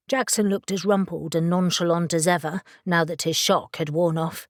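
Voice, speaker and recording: Woman reading an audiobook, low and dry. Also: steady tone, moderate pace, few pauses, dry recording. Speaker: audiobook narrator. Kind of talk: scripted audiobook narration.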